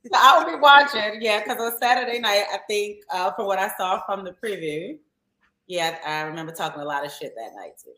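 A woman's voice: medium pitch, animated, a little fast, sharp tone, roomy sound, poor audio. A woman from Baltimore with a Baltimore accent, a reality show guest talking casually, blunt and laughing often, swearing freely. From Baltimore, USA. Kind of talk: casual interview chat.

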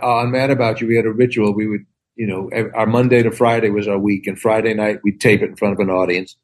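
A comedian and actor in his sixties chats casually, telling animated stories and acting out the quoted back-and-forth. His voice is lowish and he talks fast, with slight background noise.

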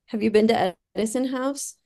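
A woman's voice: fairly high pitch, normal speed, darkish tone. A woman co-hosting a podcast, chatting casually in a wry, understated way. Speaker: podcast co-host. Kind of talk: casual chat recapping a reality show.

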